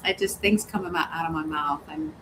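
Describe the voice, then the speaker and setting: A woman's voice: low voice, fairly quick, noisy background. A woman hosting a casual livestream, reading viewer comments aloud, laughing often and cussing freely. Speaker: livestream host. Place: home, hot weather.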